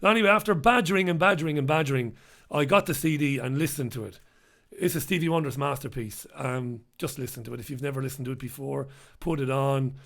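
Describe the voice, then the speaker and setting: A man's voice: medium pitch, fast talker, gravelly, fairly bright tone. A man with a British accent hosting a live stream, chatting casually and rambling as he reads viewer comments aloud. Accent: British English. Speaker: host.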